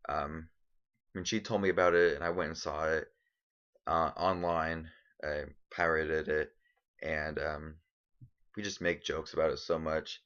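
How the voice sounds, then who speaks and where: A man's voice: very deep voice, level tone, unhurried, long pauses, fairly bright tone, highs cut off. A young man ranking his favorite films in a casual vlog, enthusiastic and rambling with lots of ums. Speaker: movie vlogger. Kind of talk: casual movie countdown vlog.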